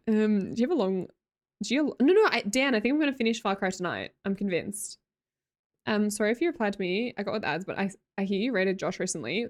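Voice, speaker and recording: A young Australian woman live streamer chatting casually with her viewers, reading their messages aloud, laughing often and swearing freely. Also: medium pitch.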